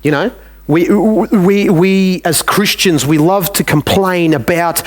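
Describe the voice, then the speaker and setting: A man's voice: sits high, takes it slowly. A man with an Australian accent preaching a sermon in a church, talking plainly and acting out little dialogues with God.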